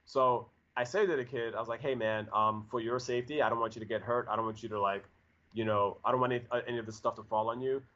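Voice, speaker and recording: Man in his forties, casual storytelling, rambling, animated, mid-pitched voice, dull lo-fi sound. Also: quick pace. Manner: rambling, animated, lots of fillers and restarts. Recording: dull lo-fi audio.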